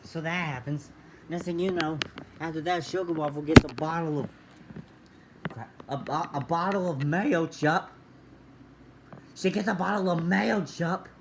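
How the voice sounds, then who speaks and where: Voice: medium pitch, unhurried, long pauses, noisy background. Rambling silly storytime vlogger. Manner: silly, rambling, many fillers.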